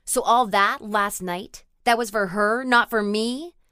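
A woman's voice: medium pitch, moderate pace, no echo, studio quality, close to an everyday voice. A woman narrator voicing a hurt, jealous older woman in a long relationship, talking in a raw, accusing way. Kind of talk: audiobook character reading.

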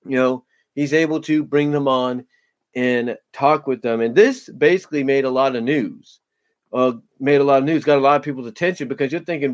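A man's voice: medium pitch, a little fast. A man giving casual solo commentary on a podcast, rambling with many fillers and repeating himself. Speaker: wrestling commentator.

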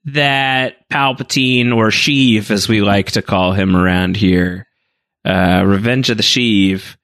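A man's voice: lowish voice, slow, a bit bright. A man co-hosting a podcast, talking enthusiastically and rambling with many fillers. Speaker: podcast co-host. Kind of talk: casual chat.

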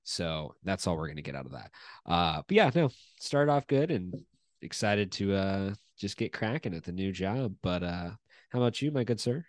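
Podcast host guy, deep voice, chill chatty and upbeat, dry close sound. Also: sing-song, normal speed, dry recording. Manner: upbeat, laughs easily. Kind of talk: casual sports podcast chat.

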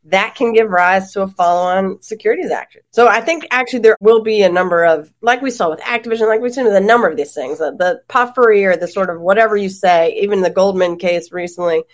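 Woman, law professor, podcast roundtable, animated delivery, mid-pitched voice. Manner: animated, quick bursts with frequent laughs.

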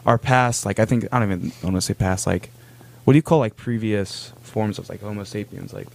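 A man's voice: on the low side, a little fast, gravelly. A young man casually telling a long story on a podcast, rambling with lots of fillers. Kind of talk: casual chat.

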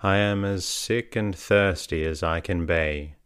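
A fretful, sickly young woman from an old storybook, always complaining and quick to take offence, read by a man. The voice sits very deep and unhurried, with a smooth, resonant tone. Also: no room sound, studio quality. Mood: peevish. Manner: complaining, sharp-tempered.

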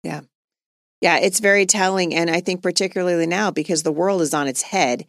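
A woman's voice: lowish voice, brisk, dry recording. A middle-aged woman hosting a podcast, talking earnestly and conversationally and laughing easily. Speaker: podcast host.

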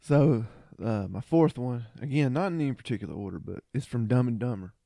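Animated man quoting movie lines. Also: medium pitch, a little fast, vocal fry, no echo, studio quality. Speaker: podcast co-host. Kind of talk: casual chat.

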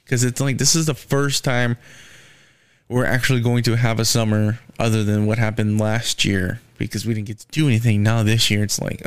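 A man's voice: on the low side, normal speed, smooth, no room sound. A young man hosting a casual solo podcast, ranting with lots of swearing and filler words. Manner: profane, ranting, frequent "man" and "um". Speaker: podcast host. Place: Houston.

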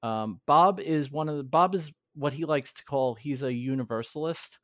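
A man's voice: on the high side, no echo. Earnest man, dry close sound. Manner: earnest, halting with restarts. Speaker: podcast guest. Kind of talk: candid conversational storytelling.

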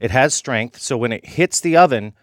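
A man's voice: mid-range voice, lively intonation, moderate pace, no echo. A middle-aged man, a chef guest in a radio studio, explaining his cooking with confidence and often checking in with "right?". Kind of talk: cooking demo chat.

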